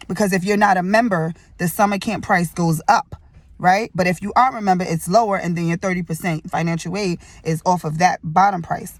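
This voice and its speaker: Young woman, tearful, rambling testimony, gravelly voice, dry sound. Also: medium pitch, no room sound. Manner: rambling, chatty storytelling with many fillers. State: tearful, fighting back tears. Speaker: vlogger sharing a testimony. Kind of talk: emotional personal testimony vlog. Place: indoors at a gym.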